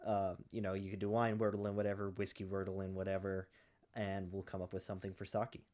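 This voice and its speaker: Low-voiced relaxed man chatting on a podcast. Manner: relaxed, filler-heavy, deliberate. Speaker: podcast co-host. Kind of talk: casual chat.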